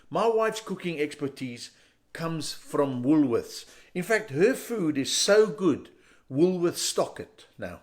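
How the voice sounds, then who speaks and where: A middle-aged man with a South African accent, performing a chatty, slangy stand-up set straight to the audience. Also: a little high. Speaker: stand-up comedian.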